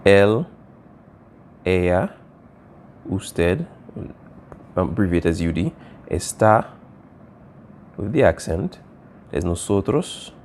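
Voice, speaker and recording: A man's voice: low voice, sing-song, takes it slowly, pauses often, darkish tone, slight background noise. A man teaching a Spanish lesson, patiently explaining phrases and often checking in with "okay" and "all right". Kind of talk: recorded classroom lesson, writing on a board.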